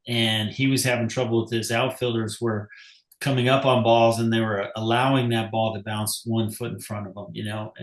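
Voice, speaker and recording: A man hosts a podcast with a mid-pitched, steady voice. He sounds reflective and affirming and tells his own coaching stories. The room around him has a noticeable echo. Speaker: podcast host. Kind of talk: casual interview talk.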